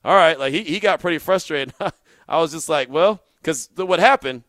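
A man hosting a solo sports podcast, telling a story animatedly and growing loud and incredulous at times. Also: on the high side, moderate pace, dry recording.

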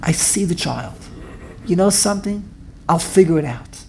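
Woman Torah teacher, animated and expressive, acts out the dialogue, repeats lines for emphasis, voice swoops widely. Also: on the low side, vocal fry. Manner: acts out dialogue in quick back-and-forth voices, with repeated phrases and laughs. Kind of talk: animated Torah class on the weekly portion.

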